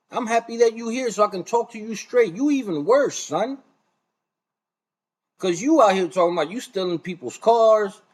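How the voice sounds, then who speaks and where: A man streaming a reaction video, ranting and confronting another streamer in a heated, profane way. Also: sits high. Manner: confrontational, profane, calls the other man son.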